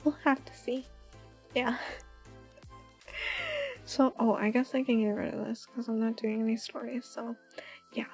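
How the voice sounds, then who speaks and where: A young woman streamer in soft-spoken casual chat with viewers, giggly and rambling, with lots of "like". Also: a little high, fairly even intonation, a little slow, long pauses, faint music behind. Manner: giggly, rambling, says "like" often.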